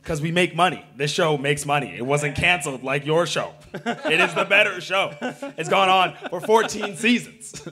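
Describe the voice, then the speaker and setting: A man's voice: on the high side, moderate pace, bright, forceful tone. A male comedian giving a cocky, mock-bragging debate rebuttal on a theatre stage. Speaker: comedian contestant.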